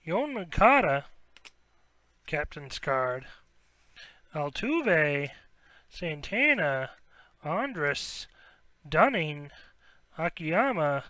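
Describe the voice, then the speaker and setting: Excitable card-break host, bright high voice. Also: male voice, extremely slow, pauses often, dry recording. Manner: rattles off player names, bursts into excited shouts at big pulls. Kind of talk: live sports card break commentary.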